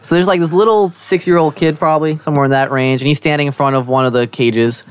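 A man's voice: a little high, steady tone, fast talker, clean tone, no room sound. A young man narrating as game master of a tabletop game, rambling casually with lots of "like" and small restarts. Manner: rambling, many likes and restarts.

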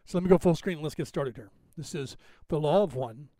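A man's voice: a little high, brisk, mellow, dry recording. A man in his fifties with a West Coast American accent, hosting a podcast livestream in a rambling, casual way while he sets up the screen. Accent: General American, West Coast. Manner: rambling, chatty, thinks aloud while fixing the screen. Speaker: podcast host.

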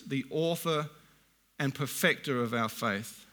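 A middle-aged man delivering a sermon in a bright, slightly higher voice. He reads scripture slowly and deliberately, then breaks into plain, conversational asides to his listeners. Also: animated. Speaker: preacher.

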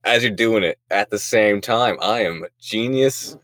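A man's voice: on the low side, a little slow, fairly bright tone, dry recording. A young man co-hosting a podcast, laughing and joking in crude casual chat. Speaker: podcast co-host.

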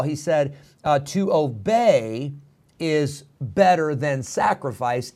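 A man's voice: a little high, a little mellow. A pastor in his thirties preaching a sermon in an earnest, emphatic way, repeating key phrases.

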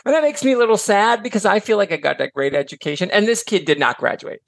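A man's voice: high-pitched, fast, creaky, dry recording. A man who is a guest on a podcast, an author and teacher, chatting casually and telling stories with lots of digressions and some casual swearing. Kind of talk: casual chat.

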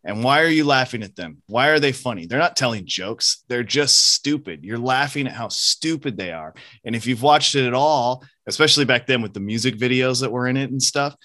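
Man in his forties, bright tense voice, animated, dry close sound, podcast chat. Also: mid-range voice, brisk, hardly any pauses, dry recording. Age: 40s. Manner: animated, swears freely, laughs at own jokes. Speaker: podcast co-host or guest.

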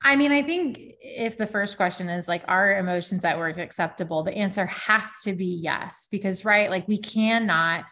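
A woman's voice: mid-range voice, sharp tone. Candid woman guest, easy laughs. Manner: candid, laughs easily, talks fast. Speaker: podcast guest. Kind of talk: casual podcast chat.

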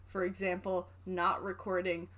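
A woman's voice: on the low side, completely flat delivery, moderate pace, fairly bright tone. A young woman co-hosting a podcast, arguing her point insistently in casual chat. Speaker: podcast co-host.

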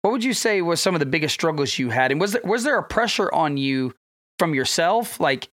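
A man's voice: fairly high pitch, lively intonation, brisk, a bit bright, dry recording, studio quality. Chatty male podcast host, rambling questions. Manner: friendly, rambling questions with many fillers. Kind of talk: casual podcast interview. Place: podcast studio.

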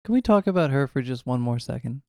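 An American man co-hosting a casual movie-talk podcast, his voice gravelly with a fry at the ends of phrases. He rambles through his points with a joking edge and slips into mimicking others. The sound is close and dry. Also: medium pitch, animated, quick pace, dark tone, no room sound. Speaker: podcast co-host.

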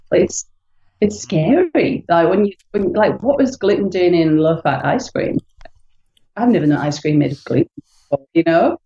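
A woman's voice: on the low side, mellow. A British woman in her late thirties, chatting candidly as an interview guest and telling her own story. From United Kingdom. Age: late 30s. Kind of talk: casual interview chat. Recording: echoey, dull lo-fi recording.

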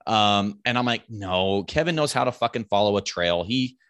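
A man's voice: on the low side, lively intonation, normal speed, fairly bright tone, dry recording. A man, likely in his thirties, casually telling a rambling, profane hunting story and raising his voice to quote his friends.

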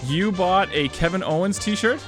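A man's voice: high-pitched, normal speed, fairly bright tone, soft background music. A man co-hosting a casual wrestling podcast, joking and teasing his friends. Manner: joking, breaks into a mock announcer voice. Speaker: podcast co-host. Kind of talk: casual chat. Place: Alberta.

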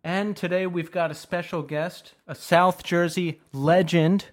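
A man with a Philadelphia-area accent hosts a casual podcast. His voice sits a touch high. He keeps things easygoing and jokey. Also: fairly even intonation, a little slow. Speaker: podcast host.

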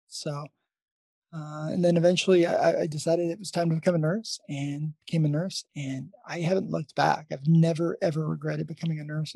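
A man with a gravelly, husky voice tells a story from his nursing life in a loose, rambling way, often restarting his sentences. The sound is dry and close. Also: fairly high pitch, mellow, no echo. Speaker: nurse and podcast host. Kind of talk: casual interview storytelling.

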